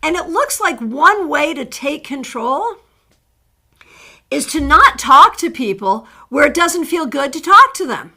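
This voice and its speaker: A middle-aged woman hosting a live tarot stream, chatting warmly as she greets viewers by name and reads their cards. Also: sits high, sing-song, a little slow.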